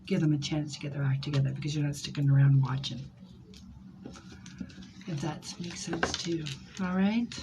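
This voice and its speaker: A woman's voice: deep voice, steady tone, normal speed, long pauses, background noise. Emotional rambling woman reading tarot. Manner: emotional, rambling, addresses viewers by name. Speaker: tarot reader. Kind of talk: live tarot reading for viewers.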